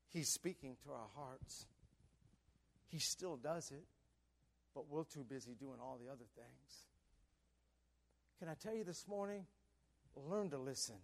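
A middle-aged man preaching a sermon in a church, swinging from loud bursts to near whispers. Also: sits high. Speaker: pastor. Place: church sanctuary.

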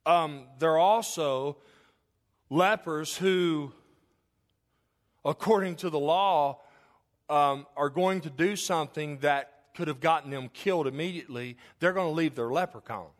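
A man preacher delivering a sermon in folksy, animated storytelling, stumbling over restarts and asking listeners directly whether they follow him. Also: a little high, measured pace. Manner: talks directly to listeners with questions.

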